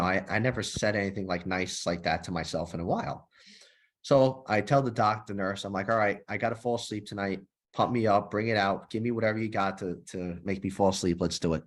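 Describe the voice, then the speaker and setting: A man in his thirties, a former police officer, telling his story in a podcast interview in a lively, profane way, acting out the dialogue. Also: sits low. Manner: animated, profane, acts out dialogue. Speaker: guest, nonprofit founder and former police officer.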